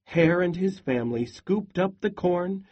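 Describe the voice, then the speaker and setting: Slow, expressive male storyteller. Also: high voice, muffled recording. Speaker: storyteller and teacher. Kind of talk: storybook read-aloud with reading prompts.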